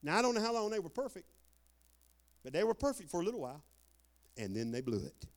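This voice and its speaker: A man preaching a lively sermon as pastor, folksy and whooping, with shouted outbursts. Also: high-pitched, fast.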